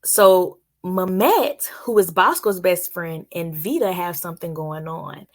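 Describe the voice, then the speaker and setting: A woman's voice: on the low side, unhurried. A young adult woman giving a casual, chatty spoken review of a TV series and talking straight to her viewers. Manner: chatty, addresses viewers directly.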